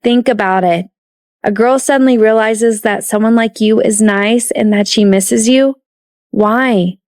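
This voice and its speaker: Woman voicing a sharp, teasing young wife. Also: fairly high pitch, no room sound, clean studio sound, natural voice.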